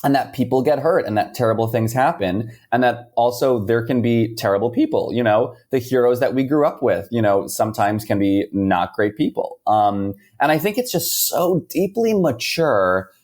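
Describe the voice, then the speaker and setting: A man's voice: mid-range voice, animated, moderate pace, few pauses, a little mellow. A man being interviewed as a musical writer, speaking earnestly and casually with many fillers. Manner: enthusiastic, filler-heavy, earnest.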